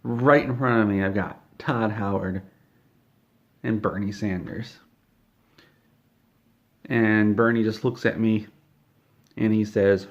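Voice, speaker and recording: A man's voice: lowish voice, steady tone, measured pace, pauses often, lo-fi sound. A man telling an absurd comedy story in a rambling, mock-serious way.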